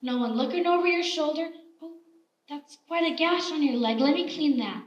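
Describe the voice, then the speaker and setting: Brief: actress as a bossy, kindly old-time homemaker, high voice, roomy stage sound from a distance. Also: female voice, normal speed, muffled recording, close to an everyday voice. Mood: chatty scolding. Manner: motherly, scolding, chatty. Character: kindly, bossy frontier woman baker. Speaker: stage actor. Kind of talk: live stage play acting. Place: theater stage. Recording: roomy theater stage, heard from afar.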